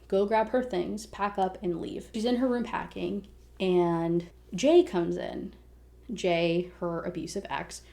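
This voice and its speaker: A young woman recaps a novel in a casual rant, full of filler "likes" and swearing. She quickly acts out bits of the characters' dialogue as she goes. Her voice sits at an ordinary pitch with a warm, mellow tone. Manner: animated retelling with quick quoted dialogue; frequent "like" and profanity. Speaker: book reviewer.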